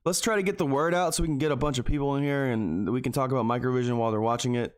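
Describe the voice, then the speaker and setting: A man's voice: mid-range voice, very fast, clear, resonant tone. Rambling man chatting to his stream viewers. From Texas. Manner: rambling, talks straight to his viewers, keeps saying "guys"; earnest and openly emotional. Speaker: stock trading livestreamer. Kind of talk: casual live stream chat.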